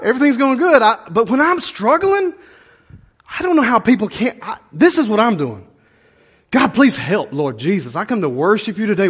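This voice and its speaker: A middle-aged pastor, preaching in a folksy, plain-spoken way. His voice sits high and swings widely, with a husky edge. He keeps throwing rhetorical questions at the congregation. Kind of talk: conversational sermon.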